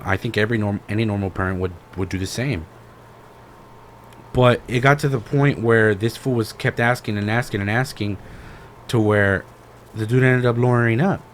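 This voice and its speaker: A man's voice: on the low side, fairly quick, slight background noise. A man co-hosting a podcast in casual chat, rambling and slangy, with lots of fillers. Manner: rambling, laid-back retelling with lots of fillers; slangy, says "bro". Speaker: podcast co-host.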